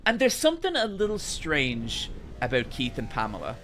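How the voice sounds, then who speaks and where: A man streamer telling a long anecdote to his chat, animated and casually swearing as he rambles. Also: medium pitch, normal speed, a little hiss or hum.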